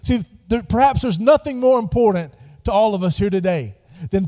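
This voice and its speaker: A man's voice: sits high, lively intonation, normal speed, warm tone. A middle-aged man preaching a sermon in a church, calling on the congregation to repeat words back to him. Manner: call-and-response preaching, prompting the congregation. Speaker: pastor. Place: church sanctuary. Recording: long hall reverb.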